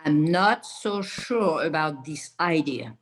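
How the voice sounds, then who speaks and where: Low, slow woman student repeating phrases. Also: animated. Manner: careful, deliberate repetition. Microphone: video call.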